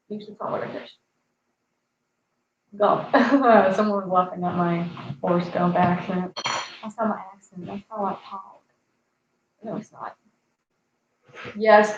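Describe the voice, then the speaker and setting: A woman's voice: mid-range voice, slight background noise. A woman in her twenties hosting a fishing live stream, chatting casually, reading viewer comments aloud and laughing at her own jokes. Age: 20s. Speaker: fishing channel host. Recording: echoey, slightly dull live-stream audio.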